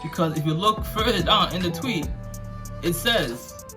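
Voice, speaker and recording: A man's voice: high voice, animated, measured pace, music in the background. A man hosting a casual commentary vlog, talking in slangy, sarcastic and mocking asides. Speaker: commentary channel host.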